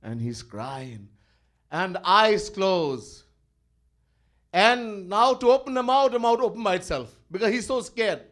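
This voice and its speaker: A man, a swami telling a devotional story in an animated way and chuckling often. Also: high-pitched, unhurried.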